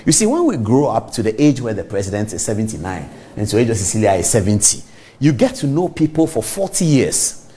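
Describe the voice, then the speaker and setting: Animated Ghanaian male TV host. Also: lowish voice, brisk, husky. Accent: Ghanaian English. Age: middle-aged. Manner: emphatic, animated, addresses viewers directly. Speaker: TV talk show host. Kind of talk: studio commentary monologue.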